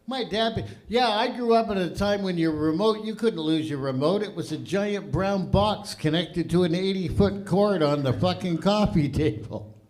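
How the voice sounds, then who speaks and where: A man's voice: high-pitched, moderate pace, rough recording. Profane older man hosting stand-up. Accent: Canadian. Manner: crude, profane, loud punchlines. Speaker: comedy show host. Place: comedy club stage.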